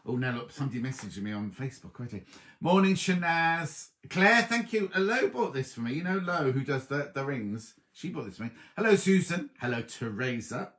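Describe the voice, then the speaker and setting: A man's voice: mid-range voice, expressive, a little fast, fairly bright tone. Chatty man greeting live viewers. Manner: chatty, affectionate, reads viewers' comments aloud. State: slight cough. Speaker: livestream host. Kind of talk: casual live-stream greetings. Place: at home.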